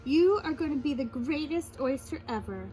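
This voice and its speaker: A fancy little girl from a picture book, theatrical and full of flair, with a voice that leaps up and down, as a woman reading aloud plays her. She sits a touch high, and faint music runs underneath. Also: lively intonation, moderate pace, dark tone. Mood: sweet. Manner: dramatic, theatrical.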